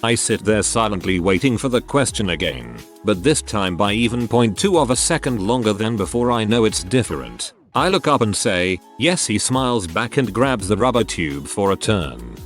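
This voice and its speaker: A man narrating scripted stories in an expressive storytelling delivery. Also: lowish voice, normal speed, few pauses. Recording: faint background music.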